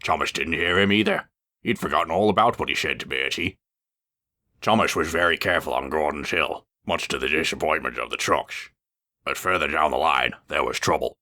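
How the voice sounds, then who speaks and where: A man reading a storybook aloud with lively, expressive narration. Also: a bass voice, fairly quick.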